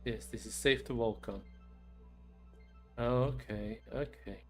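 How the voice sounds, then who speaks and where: A man playing his own game on stream, muttering quiet casual commentary to himself. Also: medium pitch, slow pace, soft background music.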